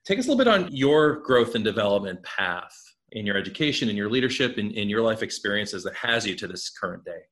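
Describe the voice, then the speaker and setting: Guy hosting an interview, kinda low voice, earnest and affirming. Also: big pitch swings, quick pace, fairly bright tone. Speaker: interview host. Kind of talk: conversational interview.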